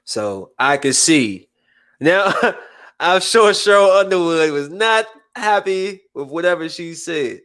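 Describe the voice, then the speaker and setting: Guy hosting a chill podcast, kinda high voice, super animated, does voices for everyone he quotes. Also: slow. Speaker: podcast host. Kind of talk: casual chat.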